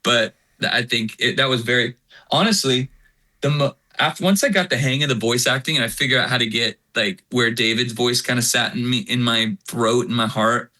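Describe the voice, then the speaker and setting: A man in his forties, a worship singer giving an interview, who tells stories in a casual, animated way and acts out the lines of other people. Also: mid-range voice, normal speed.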